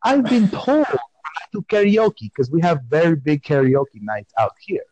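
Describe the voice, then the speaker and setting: A man's voice: fairly high pitch, sing-song, a little slow, darkish tone, slight background noise. A man hosting a podcast in a comic character persona, playfully insisting he has no accent, talking on a phone call.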